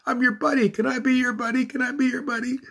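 A man voicing a small, friendly cartoonish spider that asks in a high, eager, sing-song way to be your buddy. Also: little pitch movement, fast talker, vocal fry, a bit bright, exaggerated voice.

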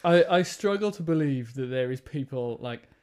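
A man's voice: mid-range voice, lively intonation, normal speed, a little mellow, smooth. A young man, co-hosting a podcast, bantering and mimicking people as he tells stories. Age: 20s. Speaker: podcast co-host. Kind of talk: casual chat.

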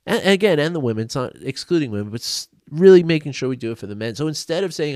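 A man's voice: fairly high pitch, expressive, fast talker, few pauses, a little mellow, dry recording, studio quality. A man hosting a podcast from his desk, talking earnestly and informally, often restarting and repeating words as he goes. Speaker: podcast host. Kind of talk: casual solo talk on men's mental health. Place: home desk.

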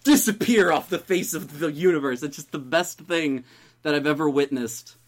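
A man's voice: a little high, normal speed. A young man in casual chat, rambling through a story with many fillers and restarts.

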